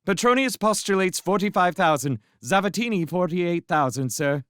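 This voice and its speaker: A man voicing a polite, indignant ten-year-old boy apprentice who answers quickly and eagerly. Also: sits high, lively intonation, fairly bright tone, clear, resonant tone, no echo, clean studio sound, pitched above the performer's own voice. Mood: reciting.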